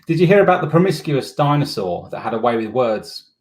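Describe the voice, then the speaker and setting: A man telling pun jokes as a contestant on a video call, with a dry, unhurried delivery. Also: mid-range voice, very animated.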